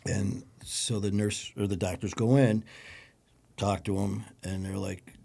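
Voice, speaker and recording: A man with a Detroit accent, a podcast guest recounting a personal story in a low-key, conversational way. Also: steady tone, moderate pace, a little mellow. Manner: gravelly, low-key storytelling with acted quotes.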